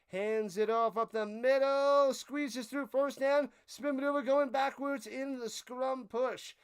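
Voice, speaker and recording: Hosting his own stream, a young man calls a football game live in a high, clear, smooth voice. His commentary is animated and full of jokes; he gives a friend's channel a shout-out and chuckles after stumbling over a player's name.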